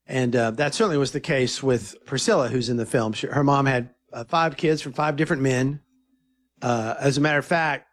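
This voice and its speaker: A middle-aged filmmaker talking in an interview, an earnest and animated storyteller who often restarts his sentences. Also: a little high. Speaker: filmmaker guest.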